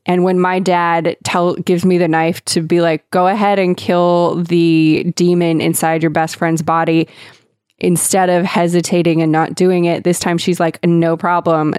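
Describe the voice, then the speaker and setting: A young woman chatting casually as podcast co-host, laid-back and quick to laugh. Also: fairly low pitch, a little mellow, smooth, dry recording, studio quality. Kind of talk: casual chat.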